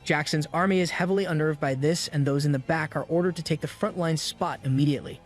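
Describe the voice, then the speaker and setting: A man's voice: on the high side, fast, faint music behind. A man narrating a comic recap in a scripted style, breaking in with wry, slangy asides. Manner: wry, slangy commentary between plot beats.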